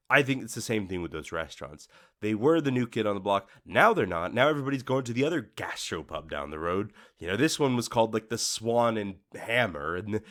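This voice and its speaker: A man hosting a solo podcast, ranting casually and acting out what customers think to themselves. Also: mid-range voice. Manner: ranting, animated, acts out customers' inner voices. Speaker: podcast host. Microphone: studio microphone.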